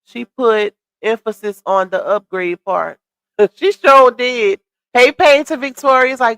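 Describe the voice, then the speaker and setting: A woman hosting a casual livestream, reacting to gossip and shouting out viewers, her voice a little worn. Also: high voice, animated, a little slow, dry recording. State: voice slightly worn. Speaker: livestream host. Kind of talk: casual live-stream chat reading comments.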